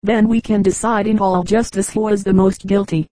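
A woman's voice: medium pitch, steady tone, normal speed, dark tone, dry recording, natural voice, low-quality recording. A woman reading the part of a proud male lion king, solemn and speechifying, in a storybook fable.

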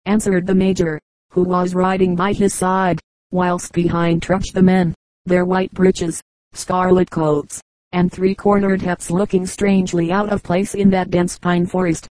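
A woman reading a children's book aloud in an even, measured way. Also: fairly low pitch, no echo, poor audio. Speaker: audiobook reader. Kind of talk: scripted narration.

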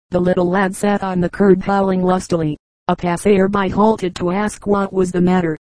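Reading funny anecdotes as an audiobook narrator, a fairly low-pitched woman keeps a measured, even storytelling style. There's no room sound, though the recording quality is low.

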